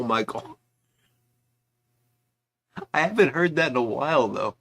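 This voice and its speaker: A man's voice: medium pitch, expressive, measured pace, gravelly, long pauses, a bit bright, a little hiss or hum. Chatty man hosting a livestream. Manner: chatty, reads viewer comments aloud with asides. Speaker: livestream host. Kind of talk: casual livestream chat.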